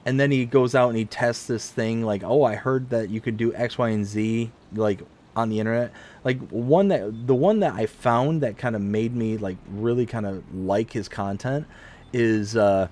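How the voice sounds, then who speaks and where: A man in his forties from Michigan, chatting casually on a live stream while he plays a farming game, rambling and jumping up in pitch when excited. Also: a little slow. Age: 40s.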